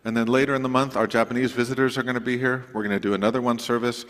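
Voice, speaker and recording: A man preaching to his congregation in a relaxed, conversational way, with asides to the listeners. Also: medium pitch, rapid-fire. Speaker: pastor. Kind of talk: sermon announcements. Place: church sanctuary. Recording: long reverb of a church sanctuary.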